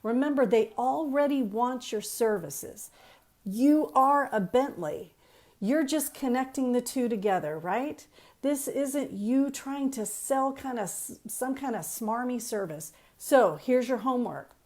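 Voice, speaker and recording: A woman's voice: a little high, unhurried. A woman coaching counselors on a live stream, chatty and emphatic, repeating key points and greeting viewers as she goes. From Texas. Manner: energetic, chatty, greets viewers mid-talk. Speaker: counseling trainer.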